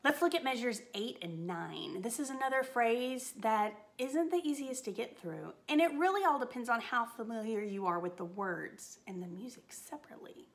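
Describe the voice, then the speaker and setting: Upbeat high-voiced woman voice teacher. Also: animated, moderate pace, hardly any pauses. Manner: upbeat, encouraging coaching. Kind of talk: singing lesson tutorial.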